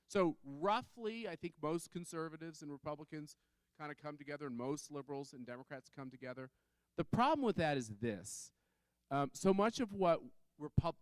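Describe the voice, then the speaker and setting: A man's voice: mid-range voice, clear, resonant tone, no echo. A man on a conference panel telling a story in a chatty way, full of fillers and restarts. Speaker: panel speaker.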